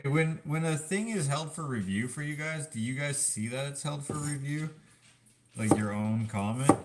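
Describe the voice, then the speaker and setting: A man from Canada rambling in casual chat to a live chat while he cooks in his home kitchen. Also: lowish voice. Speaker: vlogger. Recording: clattering kitchen noise.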